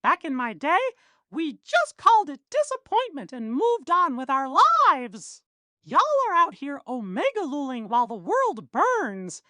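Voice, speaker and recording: A woman's voice: sits high, pushed and bright, no room sound, clean studio sound, full character voice. A woman voicing a grumpy old man who rants about young people online. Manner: cranky, preachy ranting. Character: grumpy old man ranting at internet kids.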